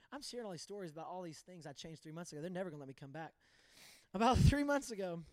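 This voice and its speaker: A man's voice: extremely high pitch, no room sound. A man preaching a sermon, emphatic and impassioned, telling personal stories.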